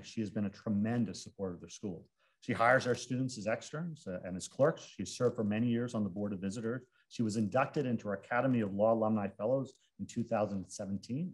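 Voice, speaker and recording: Host for a ceremony: a man giving a formal introduction with a slightly husky voice. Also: fairly low pitch. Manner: formal, reads credentials, occasional fillers.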